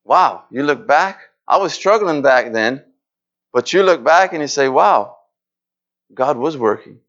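A man's voice: on the high side, lively intonation, a little slow, a bit bright, muffled recording. A man preaching a sermon in an earnest way, repeating phrases and acting out pleading prayers.

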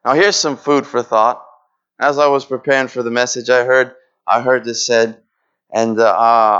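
A man's voice: mid-range voice, steady tone, normal speed, fairly bright tone, smooth, highs cut off. A man preaching a sermon in an earnest way, repeating phrases and acting out pleading prayers.

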